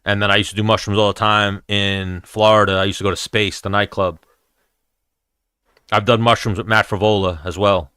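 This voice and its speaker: A man's voice: on the low side, level tone, moderate pace, pushed and bright, clear, resonant tone, no room sound, studio quality. Blunt, profane New man. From New York, USA. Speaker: MMA show host answering chat. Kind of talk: casual live-stream chat.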